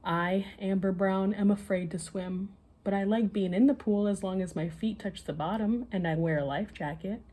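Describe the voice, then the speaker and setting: A woman reading a children's bedtime story aloud in an expressive, lively way. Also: mid-range voice, moderate pace.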